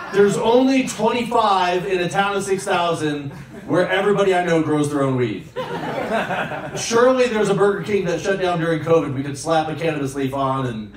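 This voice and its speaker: Male stand-up comic, fairly high voice, sarcastic and profane, ranting; recorded live in an echoey room from a distance with a laughing crowd. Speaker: stand-up comedian. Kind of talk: stand-up set. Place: comedy club stage with audience. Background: audience laughter.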